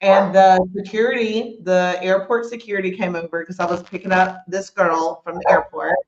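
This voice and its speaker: A woman host telling an animated story in casual chat, swearing casually and dropping into Spanish as she goes. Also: fairly low pitch, moderate pace, roomy sound, lo-fi sound.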